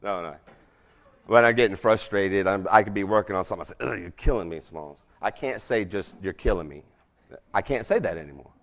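A middle-aged man with a fairly low, fairly bright voice gives a casual, interactive presentation to a church group. He chats along, quizzes the live audience, and fills his talk with lots of ums and frequent "right?".

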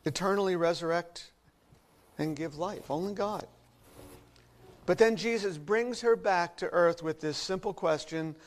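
A man with a high voice delivers a sermon. He preaches expressively and lets his volume rise to emphatic peaks, then drop to near-hushed passages. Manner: expressive preaching with wide swings in loudness. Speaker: pastor.

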